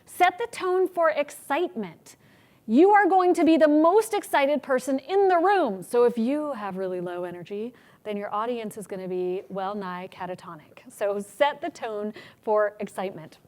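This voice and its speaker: A woman presenting a workshop on public speaking, energetic and acting out examples of good and bad delivery. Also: a little high, moderate pace. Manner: energetic, demonstrates examples in changed voices. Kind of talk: teaching a conference workshop.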